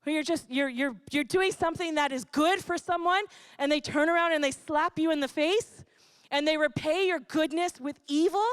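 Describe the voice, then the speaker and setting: A woman pastor preaching a sermon in an animated, emphatic way, laughing lightly between points. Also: high voice, normal speed, no echo. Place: church.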